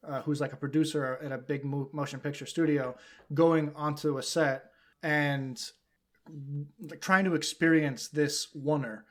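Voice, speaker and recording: A man co-hosting a podcast, talking casually and rambling with many fillers and restarts. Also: mid-range voice. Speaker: podcast co-host. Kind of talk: casual chat.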